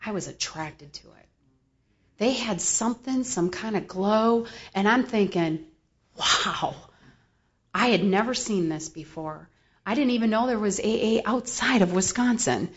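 Animated woman telling her recovery story. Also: mid-range voice, a little slow. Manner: animated storytelling, acts out voices. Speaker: recovery speaker. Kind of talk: personal testimony talk. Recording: slightly dull recording.

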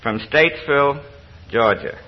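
A man introducing a guest speaker at a meeting, slow and ceremonious. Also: medium pitch. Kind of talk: formal introduction. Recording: dull lo-fi recording with faint noise.

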